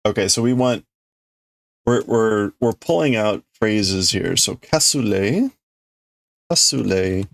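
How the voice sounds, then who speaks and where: A man casually chatting on a livestream, talking quickly and laughing easily. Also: fairly low pitch, vocal fry, no echo. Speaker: livestream host.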